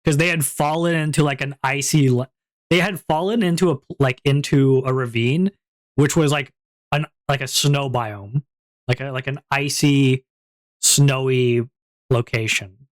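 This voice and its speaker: A man's voice: mid-range voice, unhurried. A man streamer chatting casually with his viewers, rambling, with many fillers and restarts. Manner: laughs at his own jokes.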